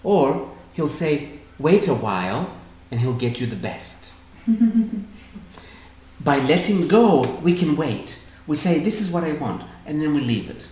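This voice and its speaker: A man's voice: a little high, measured pace. A man telling stories in a talk, acting out quoted dialogue in other voices. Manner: animated, acts out quoted dialogue. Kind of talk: storytelling talk answering questions. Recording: echoey room.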